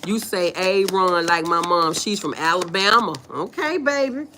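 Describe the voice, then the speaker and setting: A slight hiss or hum sits under the voice of a woman speaking at normal speed, her pitch on the low side and her accent Southern US. Hosting a casual livestream, she reads viewers' comments aloud and answers them with animated, folksy playfulness and frequent laughter.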